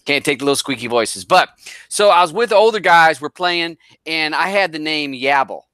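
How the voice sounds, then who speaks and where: Middle aged guy from up north, bright punchy voice, rambling jokey story, dry sound. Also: a little high, lively intonation, normal speed, smooth, no echo. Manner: rambling, self-deprecating, jokes around. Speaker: guest. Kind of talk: casual storytelling.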